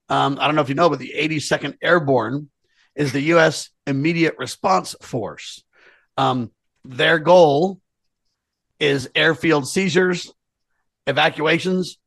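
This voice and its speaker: A man talks politics as a co-host, leaning hard on his points and speaking straight to the audience. His voice is somewhat husky and sits a bit high. The recording is close and dry. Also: fairly bright tone, no room sound. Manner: earnest, emphatic, addresses listeners directly. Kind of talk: political commentary chat.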